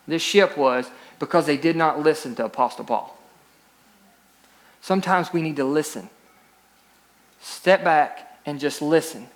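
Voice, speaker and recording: A man with a fairly high voice preaches a sermon as pastor. He moves between steady scripture reading and emphatic, rising peaks of exhortation.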